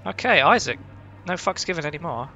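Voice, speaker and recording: Brief: male let's-play host, casual, profane, slightly high, bright and animated. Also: brisk, dull audio, faint music behind. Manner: excitable, heavily profane, jumpy. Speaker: gaming channel host. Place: at home.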